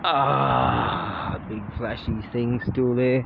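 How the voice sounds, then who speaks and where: A man's voice: mid-range voice, steady tone, extremely slow, creaky. A man with an Australian accent chatting casually while out walking, swearing freely and laughing at his own jokes. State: sleepy. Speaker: vlogger. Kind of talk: casual rambling monologue. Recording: muffled audio with street noise.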